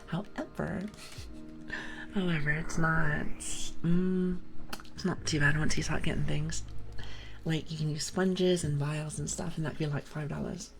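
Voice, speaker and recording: A young woman streamer doing whispered ASMR livestream chat on a binaural mic, rambling playfully to her viewers in a soft whisper. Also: sits low, steady tone, measured pace, soft background music, rough recording.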